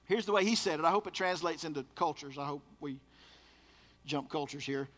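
A man's voice: fairly high pitch, a little fast, a bit bright, long reverb tail. A man preaching a sermon as pastor, emphatic and repeating words for stress.

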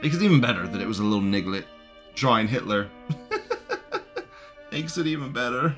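A man's voice: mid-range voice, huge pitch swings, moderate pace, a bit bright, soft background music. A man hosting a live show, rambling in casual commentary, laughing often and repeating himself. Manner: reads out chat messages in a mocking tone.

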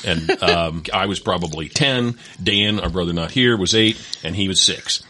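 A man's voice: low-pitched, normal speed, a little hiss or hum. A man telling a childhood story as a guest, acting out the voices of the people in it. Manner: lively, acts out voices in his stories. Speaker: distillery co-founder guest. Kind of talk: animated storytelling.

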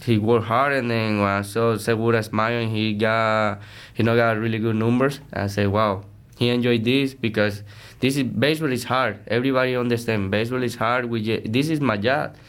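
Young guy talking ballplayer stuff in broken english, smooth clear voice, upbeat and sincere. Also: mid-range voice, moderate pace. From Venezuela. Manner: earnest, energetic, broken English. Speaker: baseball player, interview guest. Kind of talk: casual interview chat.

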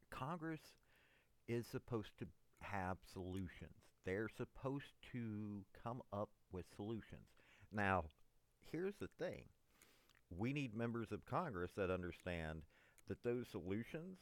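A man delivering an unscripted political monologue, emphatic, addressing his listeners as ladies and gentlemen. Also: lowish voice, no echo. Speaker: political commentator.

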